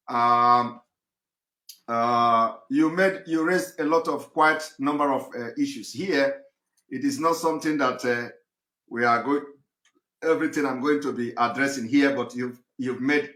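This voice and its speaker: A man hosting a talk show and moderating a caller, speaking haltingly with many fillers and restarts. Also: mid-range voice, pushed and bright, roomy sound. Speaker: host.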